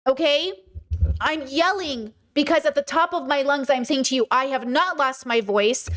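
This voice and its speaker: A livestream host with a high, ringing voice delivers a fiery monologue, hammering each point home with blunt profanity. The tone is lecturing and insistent, and the host breaks off now and then to answer viewers in the chat. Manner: reads and answers chat comments.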